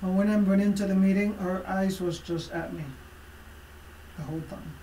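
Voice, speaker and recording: A woman life coach telling a motivational personal story, emphatic and expressive, with frequent fillers. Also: medium pitch, moderate pace, recorded from a distance, a little hiss or hum. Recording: roomy echo from away from the mic.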